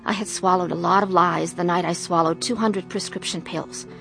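A woman's voice: lowish voice, steady tone, moderate pace, creaky, over music. A middle-aged woman narrating a dramatized testimony, earnest. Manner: earnest, confessional. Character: troubled middle-aged wife telling her story, woman. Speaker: narrator and main character.

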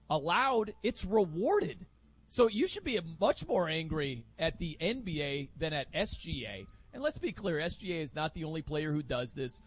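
A man hosting sports talk radio in an energetic, emphatic, opinionated way from a studio. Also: sits high, no echo.

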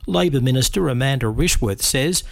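A man reading a radio news bulletin in a steady, measured way. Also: medium pitch, creaky. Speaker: newsreader.

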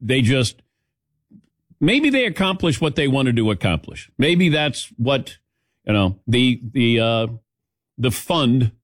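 A man hosting a sports talk show, telling stories in a rambling, animated way and acting out what others said. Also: medium pitch, slow pace, no room sound, clean studio sound. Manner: rambling, animated storytelling with mimicked quotes. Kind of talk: casual sports talk chat.

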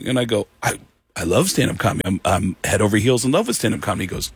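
Animated man telling stories, husky voice. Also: fairly low pitch, very fast, no room sound. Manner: acts out voices in his stories. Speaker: comedian guest. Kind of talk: animated storytelling. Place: radio studio.

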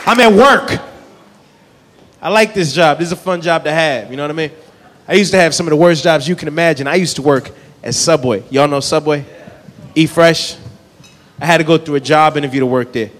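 A man's voice: on the high side, brisk, long pauses, fairly bright tone. A man performing a stand-up set in a comedy club, telling absurd stories in a laid-back way and acting out both sides of the dialogue. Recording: live venue with long reverb.

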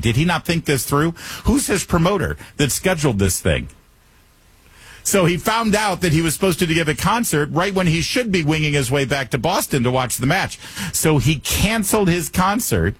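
A man's voice: fairly high pitch, sing-song, moderate pace, husky, no room sound. A male talk radio host delivering a joking monologue in a wry, teasing manner, slipping in puns.

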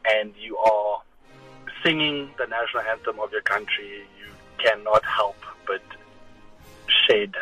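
A man's voice: lowish voice, steady tone, measured pace, pushed and bright, husky, faint music behind, low-quality recording. A South African man sending an upbeat, proud voice note to a radio show. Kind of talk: casual voice note.

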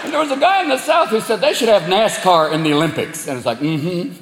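Animated, profane male stand-up comedian. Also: high voice, fast, heavy background noise. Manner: animated, profane, acts out voices. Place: large venue with audience. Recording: echoey live venue, loud crowd laughter.

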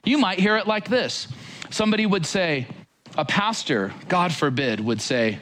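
Animated man giving a chatty Bible teaching. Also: high-pitched, normal speed. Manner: animated, conversational, addresses listeners directly. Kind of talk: casual sermon-style Bible teaching.

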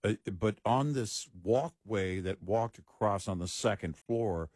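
A man co-hosting a radio show, chiming in with short agreements and then telling his own story in relaxed casual chat. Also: lowish voice, measured pace, no echo, studio quality.

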